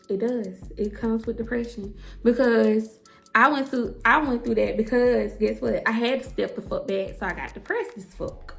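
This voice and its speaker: Blunt, swearing young woman with gravelly edge. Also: on the high side, a bit bright. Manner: blunt and emphatic, swears freely, addresses listeners as girl and y'all. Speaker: hairstylist and entrepreneur. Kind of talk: candid storytelling to camera.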